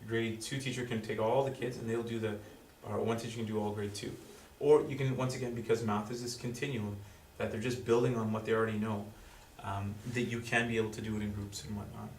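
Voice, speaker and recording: A man's voice: fairly low pitch, little pitch movement. Man presenting to parents in roomy hall. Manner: halting, filler-heavy explaining. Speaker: school presenter. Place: school room with audience. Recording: roomy, distant, faint background noise.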